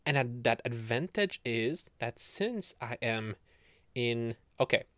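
A man's voice: medium pitch, expressive, slow, fairly bright tone, dry recording. A young man from Canada chatting on his podcast from bed, giggling often, rambling and swearing. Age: young adult. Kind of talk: casual solo chat.

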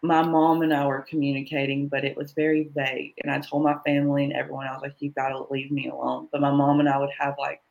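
A woman's voice: sits low, level tone, vocal fry, a little mellow, highs cut off. Woman telling a candid personal story. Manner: candid, halting, heavy with fillers; often quotes others in dialogue. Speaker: interview guest.

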